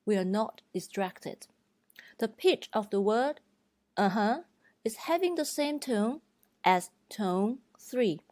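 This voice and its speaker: Slow, careful female Mandarin tutor. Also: expressive, darkish tone, no room sound. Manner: clear, deliberate, demonstrating pitches. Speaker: Mandarin teacher.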